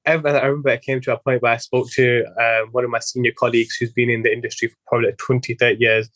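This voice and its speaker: A young man, a physiotherapist guesting on a podcast interview, rambles quickly with many restarts and quotes his own past thoughts. His mid-range voice is a bit bright but flat in delivery, with no echo.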